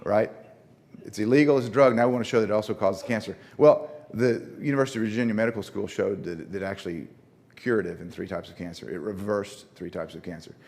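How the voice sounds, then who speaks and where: A man with a northern Louisiana accent presents a lecture at a conference, talking through his slides. His voice sits fairly low, and he keeps a conversational tone, repeating words as he restarts sentences and putting questions to the audience. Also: fast, creaky, a little mellow. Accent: Northern Louisiana (Shreveport).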